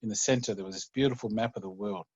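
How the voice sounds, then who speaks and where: A man telling a story in an unhurried, conversational way. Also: fairly low pitch, breathy edge, no echo, muffled recording. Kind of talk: oral storytelling.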